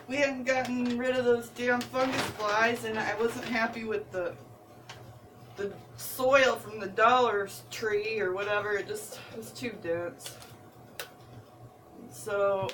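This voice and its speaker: On her home vlog, a woman with a Midwestern accent and a slightly high voice rambles slowly through a folksy story in fairly even tones. She wanders off topic, laughs a lot and drawls. The mic is distant, with faint background noise.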